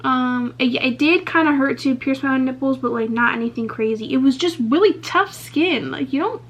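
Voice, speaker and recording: In a relaxed get-ready-with-me Q&A, a young female beauty vlogger speaks candidly at a moderate pace in a high-pitched voice. Curse words come freely, as do lots of "like"s and "um"s, and the lo-fi audio sounds slightly muffled.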